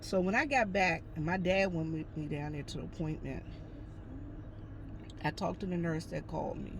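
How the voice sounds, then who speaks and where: A woman's voice: lowish voice, moderate pace, background noise. A woman telling a personal story in a casual, chatty way, talking straight to her viewers. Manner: chatty, addresses viewers as y'all, lively retelling. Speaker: vlogger.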